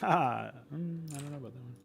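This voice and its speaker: A man's voice: a little high, fairly quick, gravelly, husky. A man casually chatting with his viewers while modding a game, laid-back, laughing often and swearing offhandedly. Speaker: game modder streaming. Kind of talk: casual livestream chat.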